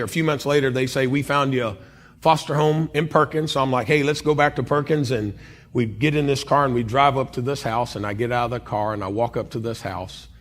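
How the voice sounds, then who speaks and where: A man from Oklahoma telling a personal story as a guest speaker in a church chapel, with dramatic swings in loudness and pitch. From Oklahoma, USA.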